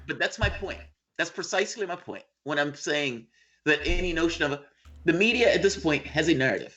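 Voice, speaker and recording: A man's voice: a little high, animated, a little fast, sharp tone. A man as guest in a casual political chat over a video call, emphatic and profane.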